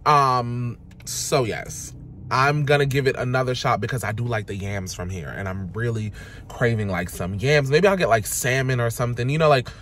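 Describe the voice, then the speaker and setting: A man from Jamaica chatting on a handheld camera in a food vlog, dramatic and sassy, jumping from loud exclamations to low muttered asides. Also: moderate pace, a little hiss or hum. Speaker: food vlogger. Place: in a car, out and about, then at home. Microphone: handheld camera or phone.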